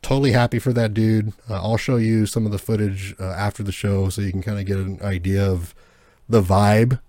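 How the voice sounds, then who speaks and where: A man with a lowish voice chats casually on a podcast, rambling through fillers and restarts and swearing freely. The sound is dry and close, with no room around him. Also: steady tone, brisk, mellow, no room sound. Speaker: podcast co-host. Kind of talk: casual chat.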